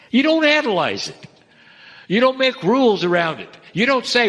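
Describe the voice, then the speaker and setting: A man delivering a channeled spiritual message, measured and earnest, addressing listeners as dear ones. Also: high-pitched, huge pitch swings, a bit bright. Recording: long reverb of a hall.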